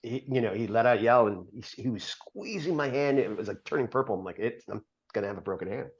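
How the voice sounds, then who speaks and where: A middle-aged man, a podcast guest, telling a long personal story in an earnest, halting way with many fillers. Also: medium pitch, expressive. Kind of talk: storytelling interview. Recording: dull lo-fi podcast audio.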